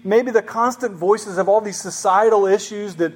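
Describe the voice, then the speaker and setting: A man's voice: high-pitched, moderate pace. A man preaching a conversational sermon as pastor, often asking the congregation questions.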